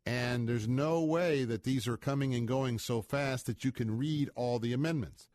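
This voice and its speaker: A man's voice: medium pitch, normal speed, darkish tone, no echo, clean studio sound. Folksy rambling male talk radio host. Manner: folksy, rambling, many filler sounds.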